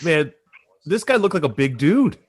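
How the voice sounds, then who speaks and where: A man hosting an interview in casual chat, excitable, laughing often and poking fun at himself. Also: fairly high pitch, moderate pace, slightly rough. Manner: excitable, laughs a lot, self-deprecating. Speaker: host.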